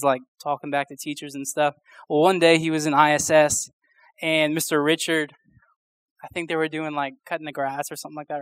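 A man's voice: fairly high pitch, fairly bright tone, clean tone, no room sound. A young man preaching a sermon in a casual, rambling storytelling way, with lots of fillers and restarts.

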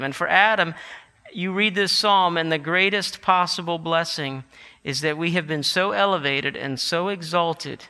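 A man with a high, ringing, very bright voice preaches a sermon, swelling into emphatic declarations. His words carry a long reverb, as though spoken in a big church sanctuary. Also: clear, resonant tone. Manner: animated, rising to emphatic declarations.

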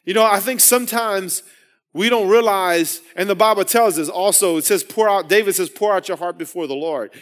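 Male preacher with a high voice, delivering an earnest sermon that builds to emphatic, repeated lines. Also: moderate pace, fairly bright tone. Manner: earnest, repeats and restarts phrases.

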